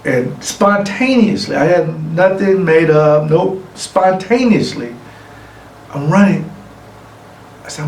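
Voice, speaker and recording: A middle-aged man giving an award acceptance speech, telling a lively anecdote and acting out other people's lines. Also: a little high, slow, pauses often. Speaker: award honoree. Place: room, recorded for a virtual gala. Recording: echoey room, distant mic, faint noise.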